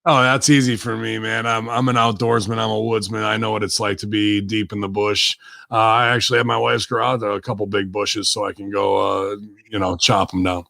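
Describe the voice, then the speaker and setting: A man, a wrestler guest on a podcast, telling brash profane stories with loud bursts and laughs. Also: on the low side, flat delivery, a little fast, gravelly, no room sound. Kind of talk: profane casual interview chat.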